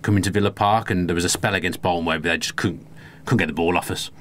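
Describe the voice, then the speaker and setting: A man's voice: sits low, fairly even intonation, quick pace, fairly bright tone. A man co-hosting a casual football podcast, chatty and opinionated. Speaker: podcast co-host.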